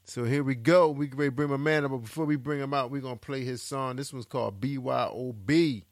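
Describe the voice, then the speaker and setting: A man's voice: medium pitch, steady tone, brisk, hardly any pauses. A man hosting a podcast, chatting in a casual radio style and hyping upcoming shows, often repeating phrases for emphasis. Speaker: podcast host.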